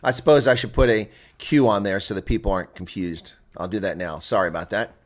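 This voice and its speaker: A man doing live solo rugby play-by-play and reaction commentary, excitable and exclaiming, chatting to viewers between plays. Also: fairly low pitch, a little fast.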